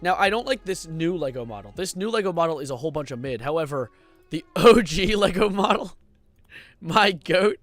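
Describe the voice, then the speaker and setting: A young man streaming casual commentary, excitable and rambling, swearing and breaking into sudden loud outbursts. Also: on the high side, fairly quick, faint music behind.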